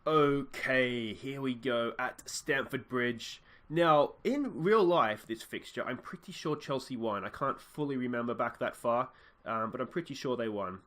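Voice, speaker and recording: Young male let's-play host, chatty and excitable; bright, forceful tone at mid pitch. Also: moderate pace. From Australia. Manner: chatty, excitable, cheers at goals. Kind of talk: casual gameplay commentary.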